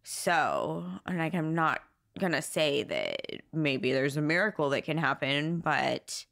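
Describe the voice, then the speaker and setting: A woman's voice: low-pitched, very animated, takes it slowly, gravelly, fairly bright tone, no room sound, clean studio sound. A young woman guest talking candidly, frank and exasperated, swearing freely. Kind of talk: candid personal conversation.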